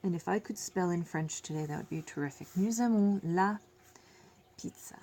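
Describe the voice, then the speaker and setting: In a classroom lesson, a woman teaches French slowly, repeating every phrase in both languages. Her voice is warm and on the low side, and she drops in self-deprecating asides.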